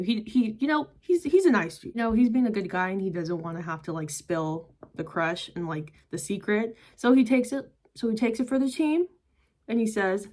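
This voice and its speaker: A woman's voice: lowish voice, moderate pace, darkish tone. A young woman casually reviewing a manga, retelling the plot in a chatty way full of "like" and "yada yada". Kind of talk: casual book review vlog.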